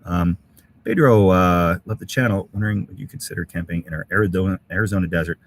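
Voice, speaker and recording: Deep-voiced man, relaxed chat. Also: quick pace. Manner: relaxed, thanks viewers with many uhs and ums. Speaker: live stream host. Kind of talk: casual live stream chat reading viewer comments. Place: outdoor winter camp in severe cold.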